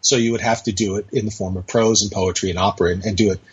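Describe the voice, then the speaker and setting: A man's voice: fairly low pitch, steady tone, quick pace, slightly rough. A man chatting as a podcast guest, telling a long anecdote in a rambling way with many hesitations, on dull lo-fi audio. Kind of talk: casual storytelling conversation.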